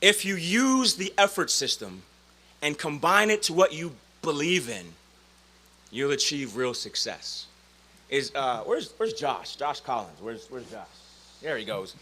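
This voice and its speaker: A man in his forties delivers a commencement speech with a bright, forceful voice set fairly high. He tells stories with big dramatic swings, dropping to a hush and then calling out loud. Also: sing-song, a little slow, slight background noise. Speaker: commencement speaker.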